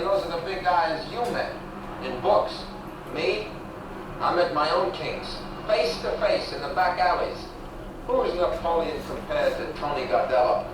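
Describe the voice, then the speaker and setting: A tough, reminiscing young man on a road trip, played by an actor in an old TV drama. His voice sits a little high and comes from a distance. The clip is played back in a very echoey hall with steady noise behind it. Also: natural voice.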